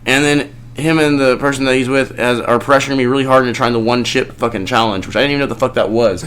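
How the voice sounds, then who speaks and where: A man hosting a podcast, telling a rambling story in casual chat with lots of swearing and animated outbursts. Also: mid-range voice, quick pace, slight background noise. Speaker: podcast host.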